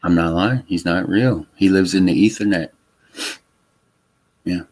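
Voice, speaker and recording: A man from Louisiana hosting a casual livestream chat, talking in a halting way with many fillers and restarts. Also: sits low, darkish tone. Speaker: livestream host. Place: Texas home.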